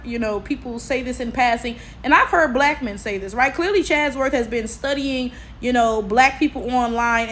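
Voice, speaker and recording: A young woman giving animated, profane reaction commentary, punctuating points with "okay?" and "right?". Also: sits high, slight background noise. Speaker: commentary vlogger.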